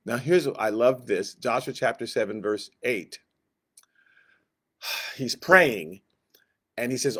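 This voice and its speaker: Animated man teaching Sunday school. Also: medium pitch. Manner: animated, conversational, acts out quotes. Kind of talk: Bible study teaching.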